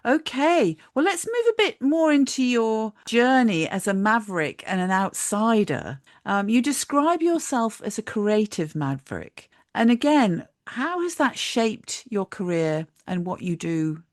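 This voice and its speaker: A woman hosting a podcast interview, introducing her guest and asking questions with lively lifts at the start of phrases. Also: a little high, measured pace, few pauses, no room sound, studio quality. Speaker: podcast host.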